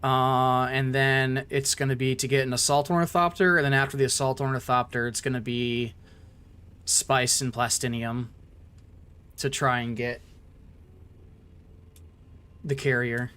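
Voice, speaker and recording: A man's voice: mid-range voice, level tone, measured pace, pauses often, a bit bright, clean tone. A man streaming a game, chatting casually with another player and talking through his plans in a laid-back, joking way. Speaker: gaming streamer. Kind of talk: casual gameplay commentary.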